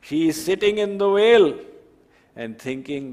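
A male spiritual teacher delivers a devotional sermon at an unhurried pace. His fairly high voice rings with long reverb, and he acts out his stories with lively shifts of voice. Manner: storytelling, animated voice changes. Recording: reverberant hall.

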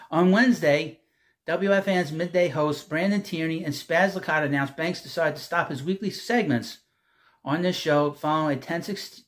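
A man hosting his own sports talk show, reading news items and ranting about them bluntly, with some profanity. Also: a little high.

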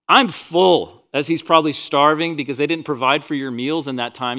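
A man preaching a sermon as pastor, reading scripture with rising force and dropping into quiet, personal asides. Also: mid-range voice. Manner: animated preaching, swells loud on scripture quotes; drops to quiet, intimate asides.

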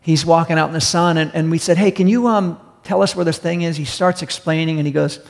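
A pastor telling a story in a sermon, animated and quoting the people in it. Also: male voice, on the high side, brisk, vocal fry. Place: church hall. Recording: echoey church hall.

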